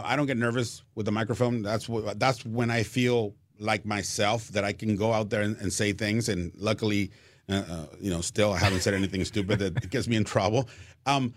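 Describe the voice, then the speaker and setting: A man's voice: mid-range voice, dry recording, studio quality. A man, a baseball broadcaster telling stories in a casual radio interview, repeating words and laughing easily. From Mexico. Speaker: Spanish-language baseball broadcaster, guest.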